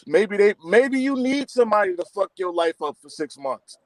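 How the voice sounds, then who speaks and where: A man's voice: high voice, lively intonation, moderate pace. A man on a casual podcast panel, brash and pushy with plenty of swearing.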